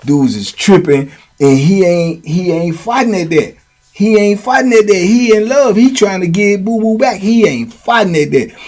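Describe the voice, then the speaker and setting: A man telling a story in a casual, animated way, full of slang and repeated phrases. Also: a little high. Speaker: storyteller host.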